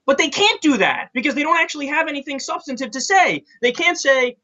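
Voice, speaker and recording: A man's voice: very high voice, lively intonation, fast, hardly any pauses, pushed and bright, dull audio. A man hosting a casual political commentary show, talking in a blunt, sarcastic way and swearing casually. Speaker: show host.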